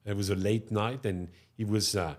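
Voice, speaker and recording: A middle-aged man with a French accent, a restaurateur guest, tells animated stories in an interview, tagging his sentences with "no?" and "huh?". His voice is lowish and his speed normal.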